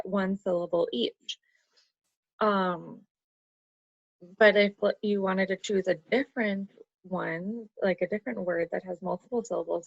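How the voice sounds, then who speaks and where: A woman teacher walks through an online class lesson, patiently explaining step by step and counting syllables aloud. Her medium-pitched voice is creaky and slightly rough, with no room sound, though the computer audio is dull and lo-fi.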